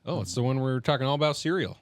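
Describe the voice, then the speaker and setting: A man's voice: mid-range voice, animated, rapid-fire, dry recording. A man hosting a podcast, teasing his co-hosts and laughing easily in casual chat. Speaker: podcast host.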